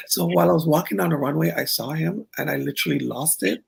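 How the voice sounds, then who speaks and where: A middle-aged woman and former runway model, telling a story as an interview guest in an animated, laughing way and acting out the people she quotes. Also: low voice, fast talker, gravelly, slightly rough. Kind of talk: casual storytelling chat.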